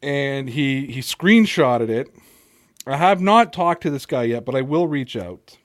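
A man's voice: mid-range voice, expressive, unhurried, no echo, studio quality. A man with an American Italian accent hosting a casual live sports podcast chat, joking and poking fun at himself. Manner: joking, self-mocking. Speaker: podcast host.

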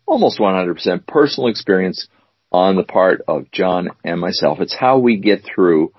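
Lively low-voiced husky man. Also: dry recording. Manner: teasing, reads definitions out slowly. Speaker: co-host. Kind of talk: casual chat. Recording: dull dry lo-fi recording.

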